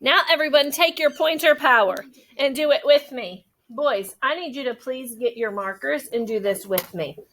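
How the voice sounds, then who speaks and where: Bright high-voiced woman teaching phonics. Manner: slow, drawn-out modeling of sentences, encouraging. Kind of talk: classroom phonics lesson. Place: classroom.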